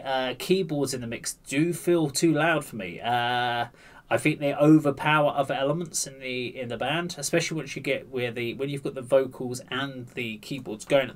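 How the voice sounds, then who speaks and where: A man hosts a casual music reaction, weighing up the mix and tone as he goes. He speaks in a mid-range voice, pausing often and restarting sentences while he thinks aloud. His manner is chatty and a little self-deprecating. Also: mid-range voice. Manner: hesitant, thinking aloud with many fillers and restarts. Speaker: music reaction channel host.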